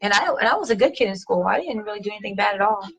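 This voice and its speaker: Bright, animated woman chatting casually. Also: medium pitch, very fast, husky, rough recording. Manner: animated, slangy, swears casually, laughs often. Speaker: host. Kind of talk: casual chat reading viewer comments.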